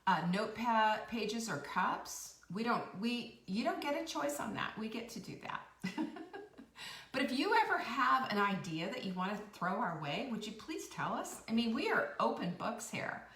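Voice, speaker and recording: A chatty middle-aged woman hosts a casual live stream, her bright voice swinging up and down as she talks. She sits a little back from the mic in an echoey room. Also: a little high, sing-song, normal speed, recorded from a distance. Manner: chatty and bubbly, reacting to viewer comments. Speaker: host.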